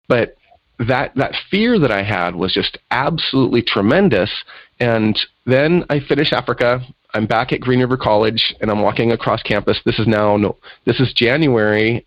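A man's voice: fairly low pitch, no echo, highs cut off. A man, a guest in an interview, telling a personal story in conversation and acting out the voices of people in it. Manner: animated storyteller acting out quotes.

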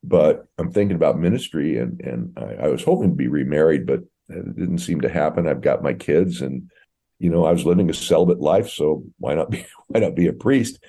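A man in his sixties, a priest guest from Oregon, telling his story in a relaxed, folksy, anecdotal way. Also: rumbling low, brisk, creaky, breathy edge. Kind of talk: casual interview storytelling.

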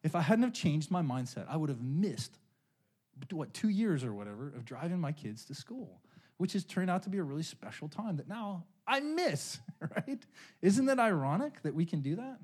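A man's voice: a little high, very animated, normal speed, darkish tone, husky. A middle-aged man preaching a sermon as a pastor, telling a personal story in a casual, conversational way and often asking "right?". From California.

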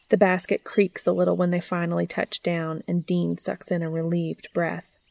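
Woman narrator for a fan fiction audiobook; lowish, gravelly, soft and intimate.

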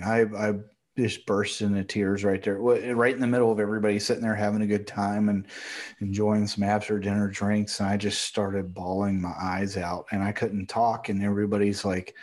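A middle-aged man in a casual conversation, talking in a halting way and getting choked up as he recalls a loss. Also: fairly low pitch, little pitch movement, a little mellow. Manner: halting, emotional, gets choked up.

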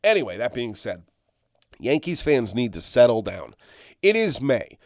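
A middle-aged man hosts his own podcast in an exasperated, emphatic rant, often repeating himself and swearing offhandedly. His voice sits at an ordinary pitch. The recording is dry, with no room echo. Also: sing-song, measured pace, a little mellow. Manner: swears casually. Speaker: podcast host. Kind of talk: solo sports rant.

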